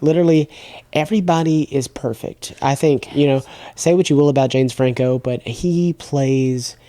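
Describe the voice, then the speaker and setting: A young man co-hosting a podcast in loose, slangy talk, tripping over his words and restarting often. His voice is dark and mellow, and the sound is dry and close. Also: medium pitch, moderate pace, no room sound. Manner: rambling, slangy, stammering restarts. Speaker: podcast co-host. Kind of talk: casual chat.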